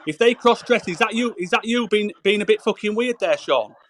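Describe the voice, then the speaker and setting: A man argues fast and hard on a live voice call, lecturing and scolding in a slightly high voice. The sound is close and dry. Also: a bit bright, dry recording. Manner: combative, lecturing, repeats the other man's name. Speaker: chat moderator in a live stream argument. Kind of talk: heated live-stream argument.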